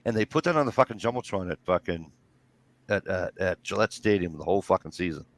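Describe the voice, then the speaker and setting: A man's voice: sits low, lively intonation, fast talker, no room sound. A man, telling rambling, swear-filled stories in casual chat. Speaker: storyteller.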